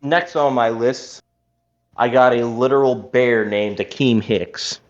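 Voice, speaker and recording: A man's voice: mid-range voice, dull audio. Joking Midwestern man on a podcast call. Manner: joking, rambling, quick to tease. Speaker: podcast co-host. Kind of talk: casual podcast chat. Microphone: remote call.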